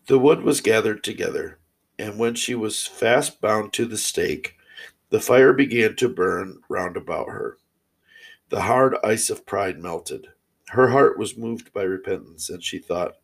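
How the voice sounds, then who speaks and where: A man reading old fairy tales aloud in a steady, measured way. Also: on the low side, creaky, breathy edge, low-quality recording. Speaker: storyteller.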